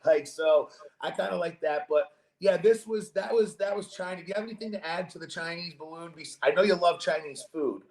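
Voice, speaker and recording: A young man hosting a podcast in casual chat, animated, jokey and swearing freely. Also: fairly high pitch, brisk, few pauses. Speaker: podcast host. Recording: roomy echo.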